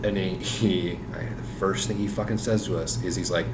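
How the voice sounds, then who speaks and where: A man's voice: sits low, steady tone, a little fast. A man from Missouri telling a story at a gaming table, swearing and laughing as he goes. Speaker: player. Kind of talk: casual chat at a gaming table. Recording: roomy echo, people chatting around.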